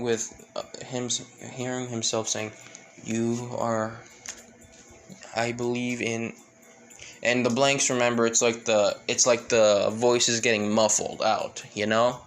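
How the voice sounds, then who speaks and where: A man's voice: medium pitch, fairly bright tone, slight background noise. Rambling man retelling a fan story. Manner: rambling, filler-heavy, self-correcting.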